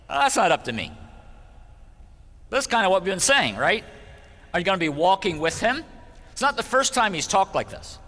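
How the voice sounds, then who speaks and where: A man preaching a sermon as pastor, in an animated, conversational way that keeps checking in with the listeners. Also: on the high side, long reverb tail. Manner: animated, conversational, asks "right?" often. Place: church sanctuary.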